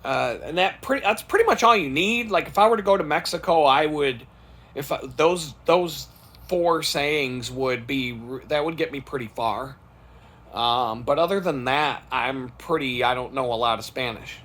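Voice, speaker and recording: A man's voice: fairly high pitch, normal speed, a bit bright. A man rambling through a casual, profane story about his day at work, full of restarts and swearing. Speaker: podcast host.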